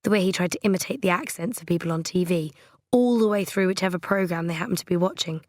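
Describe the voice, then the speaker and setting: A woman reading a novel aloud in a measured, wry storytelling manner. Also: fairly low pitch, a little mellow, no room sound, clean studio sound. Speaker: audiobook narrator. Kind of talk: scripted narration.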